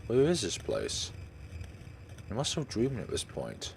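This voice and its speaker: A man's voice: mid-range voice, huge pitch swings, a little slow, gravelly, slight background noise. A man hosting a let's play, musing aloud as he plays and reading the dialogue aloud. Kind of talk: game commentary.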